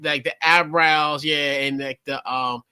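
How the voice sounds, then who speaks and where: A man hosting a podcast in casual chat, halting and repeating himself. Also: fairly high pitch, fairly even intonation, pushed and bright, clean tone, no room sound. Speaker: podcast host.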